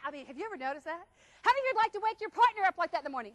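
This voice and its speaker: High, bright, fast-talking woman speaker. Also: heavy background noise. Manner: animated, asks audience questions, acts out family scenes. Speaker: stress management speaker. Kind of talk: motivational seminar talk. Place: seminar room before a live audience.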